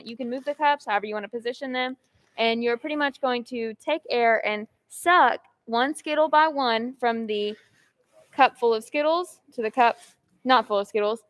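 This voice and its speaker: A young woman hosting a casual campus game and cheering the players on. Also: fairly high pitch. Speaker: host running a campus game.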